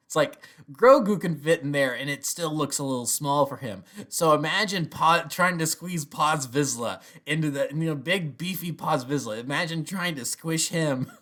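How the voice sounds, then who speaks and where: A man's voice: medium pitch, a bit bright. A man giving a casual spoken review, rambling with many restarts and chuckling often. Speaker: TV episode reviewer.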